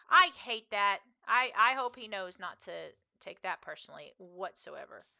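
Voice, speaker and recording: A chatty woman streamer rambles to her viewers as she plays. Her bright, sharp voice sits in a middle pitch range. Her talk wanders loosely from one thing to the next. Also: expressive, measured pace, creaky, muffled recording. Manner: chatty and rambling, talking to chat. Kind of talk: casual chat while gaming.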